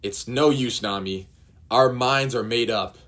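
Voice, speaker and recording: A man voicing an older village man who speaks with firm, steady reassurance. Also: medium pitch, unhurried, pitched above the performer's own voice, lightly acted. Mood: resolute.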